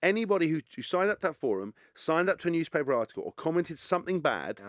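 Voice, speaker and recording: A man in his thirties, a podcast guest telling stories in a blunt, sweary, animated way. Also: on the high side, quick pace, no echo, clean studio sound. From England. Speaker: podcast guest, former rugby player. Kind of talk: casual chat.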